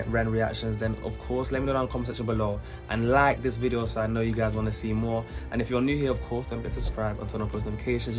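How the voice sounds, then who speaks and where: A young British man hosting a reaction video, talking in an excitable, chatty way with lots of restarts. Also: medium pitch. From United Kingdom. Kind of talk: casual reaction commentary. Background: faint music from the video he is reacting to.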